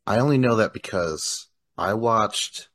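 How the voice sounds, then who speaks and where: Low-voiced joking man, dry sound. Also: measured pace, fairly bright tone, no echo. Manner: laid-back, joking, laughs a lot. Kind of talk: casual chat.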